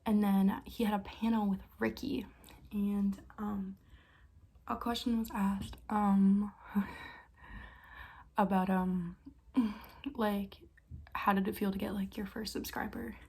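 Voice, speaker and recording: A young woman vlogger telling stories in a casual, excitable way, with quick bursts and frequent laughs. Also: mid-range voice, creaky, husky. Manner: excitable, fast bursts, lots of likes and laughs. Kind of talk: casual storytime chat.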